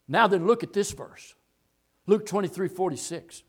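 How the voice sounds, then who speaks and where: A male pastor preaching a sermon, moving from low, quiet asides to loud, impassioned passages. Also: normal speed, slightly rough.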